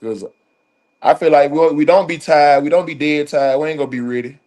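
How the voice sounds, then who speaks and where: A young man with a Southern accent, a college football player as the interview guest, talking in a relaxed way and saying "you know what I'm saying" again and again. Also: a little high, fairly quick. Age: young adult. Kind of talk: casual interview.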